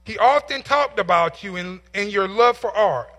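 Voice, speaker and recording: A man's voice: high voice, animated, moderate pace, bright, forceful tone, in a large hall. A man voicing an earnest young soldier. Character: grateful young male soldier bringing a gift.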